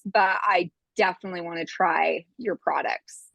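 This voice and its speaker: A woman's voice: mid-range voice, fairly even intonation, vocal fry, a bit bright, no echo. A woman in her forties on a video call, chatty and slightly out of breath as she tells a story. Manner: chatty, storytelling, quick bursts. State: a little out of breath. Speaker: team member sharing tips. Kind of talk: casual video call chat.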